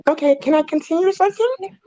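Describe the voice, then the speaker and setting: A woman's voice: very high voice, lively intonation, brisk, dark tone, dry recording, lo-fi sound. A young woman on a live stream, rambling in a giggly, worked-up rant. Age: young adult. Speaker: stream guest.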